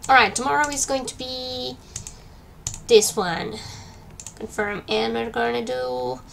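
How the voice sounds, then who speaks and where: Woman, gaming commentary, gravelly fry, slight hiss behind. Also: fairly high pitch, measured pace, fairly bright tone. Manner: chatty, talks to herself while playing. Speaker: gaming streamer. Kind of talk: casual let's-play commentary. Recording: faint background noise.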